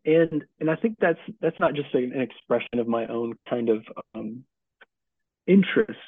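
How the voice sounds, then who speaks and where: A middle-aged man answering interview questions as a book's author, casual and halting, with many restarts and fillers. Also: mid-range voice, lively intonation, breathy edge, no echo. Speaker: author and guest. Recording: tinny phone-like call audio.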